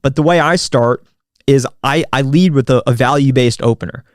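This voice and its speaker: A man's voice: mid-range voice, normal speed, no echo. Man giving dry, direct sales advice. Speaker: sales expert. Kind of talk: instructional interview answer.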